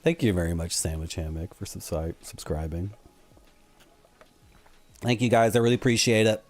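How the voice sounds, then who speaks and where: A man's voice: sits low, normal speed. A man from Canada, chatting casually and jokingly to viewers while streaming games. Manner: jokey, rambling, puts on silly voices. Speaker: game streamer. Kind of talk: casual livestream chat.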